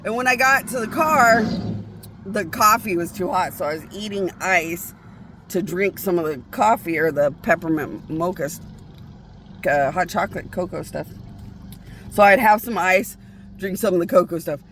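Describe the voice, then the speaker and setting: A woman's voice: on the low side, moderate pace, fairly bright tone, a little hiss or hum. A woman vlogging a casual, rambling monologue, profane and often breaking off to restart her sentences.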